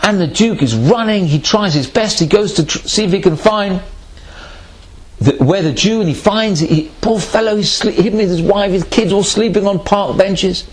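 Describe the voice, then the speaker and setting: A man, a rabbi, giving a sermon and telling a parable with animated storytelling. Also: sits high, moderate pace. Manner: animated storytelling, acts out voices.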